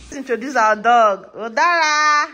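A woman's voice: on the high side, unhurried, bright, forceful tone, highs cut off, a little hiss or hum. A woman vlogging casually at home, coaxing and calling her dogs and laughing often. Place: home indoors.

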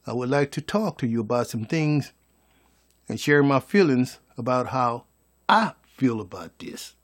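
A man's voice: medium pitch, expressive, measured pace, pitched below the performer's own voice. A man putting on a timid adult who nervously and politely asks to talk things over. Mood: hesitant. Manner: soft, hesitant, polite.

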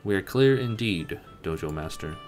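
A man voicing a stern male guard captain who speaks in stiff, formal, old-fashioned lines, a bit lower than his own voice. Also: animated, normal speed, soft background music.

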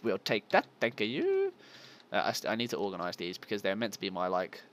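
A man's voice: low voice, steady tone, quick pace, fairly bright tone. A man giving casual, self-mocking let's play commentary and talking to his viewers. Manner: yelps at game monsters. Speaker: gaming channel host.

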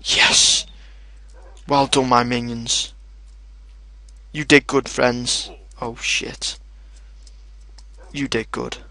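A young man with a gravelly, creaky voice talking through his gameplay at an unhurried pace. He is excitable and swears freely, and often shouts at his pets in the game. The sound is close and dry. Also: mid-range voice, dry recording. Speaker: gaming video host. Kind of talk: casual let's play commentary.

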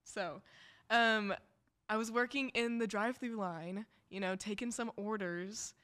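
A young woman on a student podcast, telling a story with an easygoing pace. Her voice sits in a middle range, and she pauses often with "um" and "you know". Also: mid-range voice. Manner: relaxed, hesitant with fillers. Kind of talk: casual storytelling.

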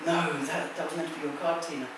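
A man does a card trick on a large theater stage, tossing playful, teasing patter at his volunteer. His voice is on the high side, with a flat delivery and a quick pace. Heard from a distance, the recording is echoey with a noisy background.

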